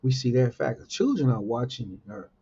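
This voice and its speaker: Guy ranting about politics, gravelly husky voice, dull lo-fi sound, keeps asking the same questions over and over. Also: mid-range voice, sing-song, normal speed, warm tone. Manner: repeats rhetorical questions, many fillers. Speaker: host. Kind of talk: informal political commentary.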